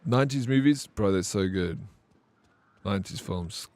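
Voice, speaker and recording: A man streaming a game, chatting loosely with viewers and wandering off topic, addressing them as "bro". His voice sits fairly low and his delivery stays casual. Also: moderate pace, darkish tone, no room sound. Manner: chatty, rambling, talks to chat by name, says "bro". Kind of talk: casual live-stream commentary.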